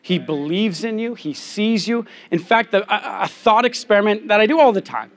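A man's voice: high-pitched, lively intonation, normal speed. A young adult man, a pastor, preaching a conversational sermon and telling candid personal stories.

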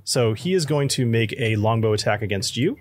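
A man running a tabletop game as game master, relaxed, laughing often and searching for words. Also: medium pitch, a little fast, a little hiss or hum.

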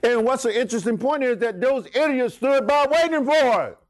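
A man preaching a sermon, retelling scripture stories with animated exclamations and call-and-response calls. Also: very high voice, normal speed, no room sound.

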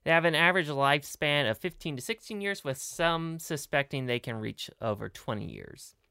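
A woman co-hosts a casual podcast, reading facts in a measured, steady way. Her voice is very deep for a woman. The sound is close and dry. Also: vocal fry, smooth, no room sound. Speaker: podcast co-host.

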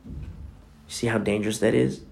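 A man's voice: on the low side, fairly even intonation, measured pace, gravelly, a little mellow. A man preaching a sermon as pastor, emphatic, asking rhetorical questions and repeating phrases for weight.

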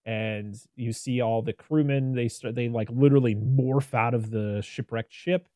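Guy rambling about a movie on a podcast, mellow low tone, dry close sound, keeps restarting sentences. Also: a little slow, no room sound. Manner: rambling and animated, lots of "like" and restarts. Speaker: podcast host reviewing a film. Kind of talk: casual chat.

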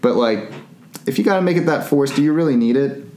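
A man rambles through a film recap in a casual, animated way, often slipping into quick character voices. His voice sits mid-pitched and bounces around a roomy space. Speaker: podcast host. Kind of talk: casual movie recap chat. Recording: echoey room.

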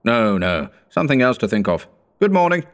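A man voicing a wealthy, smug male businessman from a storybook in a high, clipped, breezy voice. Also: very animated, brisk, close to an everyday voice.

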